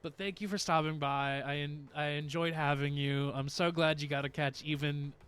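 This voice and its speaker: A man's voice: on the high side, steady tone, moderate pace, a bit bright, clear, resonant tone. Chatty streamer man, rambling. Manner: rambling, chatty, laughs often. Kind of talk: casual chat with stream viewers.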